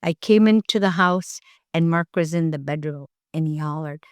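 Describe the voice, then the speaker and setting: Elder woman from Alaska, storyteller, lower voice, unhurried, dry recording. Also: no room sound. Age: older. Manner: slow, gentle storytelling with acted dialogue. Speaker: elder interviewee. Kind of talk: storytelling in an interview.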